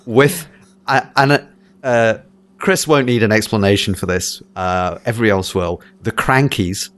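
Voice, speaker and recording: Low-voiced man, half-Scottish half-English accent. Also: a little slow, fairly bright tone. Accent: mixed Scottish and English. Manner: rambling, hesitant with many fillers and restarts. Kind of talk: casual chat.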